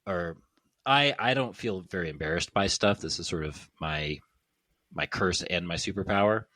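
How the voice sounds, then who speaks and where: Deep-voiced, animated man, dry sound. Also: normal speed, no echo. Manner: animated, playful, mimics accents. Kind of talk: casual podcast conversation.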